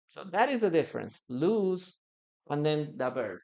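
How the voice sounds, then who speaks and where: A native Spanish speaker teaches English in a live online class, moving slowly through explanations with many pauses and repeated phrases. The voice is medium-pitched and darkish, with big swings in pitch.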